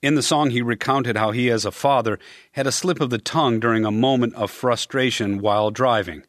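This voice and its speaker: A man's voice: medium pitch, brisk, dry recording. Earnest male preacher, dry close sound. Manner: earnest, emphatic preaching with soft dropped endings. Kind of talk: sermon.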